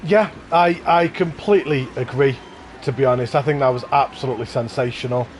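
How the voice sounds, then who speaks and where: An upbeat man gushes casually over builds as he hosts a live walkthrough. His pitch sits in the middle range. A faint hiss of noise runs behind his voice. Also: fairly quick. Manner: enthusiastic, effusive praise. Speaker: livestream host touring contest parks.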